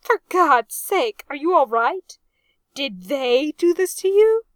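A woman voicing a hot-headed young English naval officer who shouts and boasts loudly in a storybook reading. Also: extremely high pitch, huge pitch swings, very slow, dry recording, pitched above the performer's own voice, heavily acted. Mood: alarmed. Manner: loud, indignant shouting.

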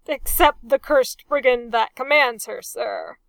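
An eager first lieutenant who hurries to flatter his captain, as a woman narrator voices him. His deferential delivery still runs slow and a little high. The recording is dry and close. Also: creaky, dry recording. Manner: hasty and deferential. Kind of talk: audiobook character voice.

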